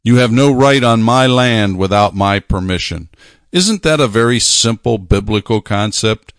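A man preaching a sermon, talking emphatically, repeating phrases and slowing down to stress his points. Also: lowish voice, lively intonation, no echo, clean studio sound.

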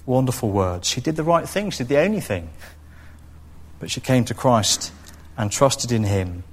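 Male preacher, expressive sermon delivery, middle-range voice. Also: mid-range voice, normal speed. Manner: expressive, acts out quoted voices.

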